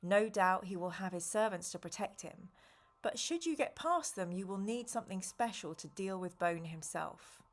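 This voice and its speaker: A woman's voice: medium pitch, expressive, normal speed, lightly acted. Nicodemus, a woman voicing a stern old wizard. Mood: grave, calm. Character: stern calm old male wizard, weary of adventure.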